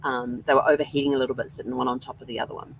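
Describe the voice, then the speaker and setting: A woman hosting her own show, telling a personal story in a casual, earnest and reflective way, with soft laughs now and then. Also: rumbling low, level tone, rapid-fire, gravelly, a little hiss or hum, poor audio. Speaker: host. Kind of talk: casual solo livestream talk.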